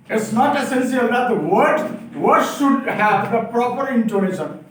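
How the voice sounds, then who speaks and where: A man's voice: extremely high pitch, sing-song, slow pace, long pauses. A man with an Indian English accent lecturing teachers at a workshop, emphatic and asking the room questions. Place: classroom or hall. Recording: very echoey room, distant mic, faint noise.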